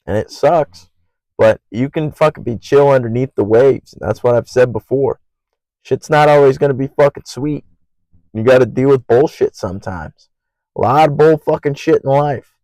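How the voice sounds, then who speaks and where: A young man hosting his own podcast alone, rambling in an earnest, profane way and naturally loud. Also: mid-range voice, no echo, poor audio. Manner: loud by habit. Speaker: podcast host. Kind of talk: casual solo podcast monologue.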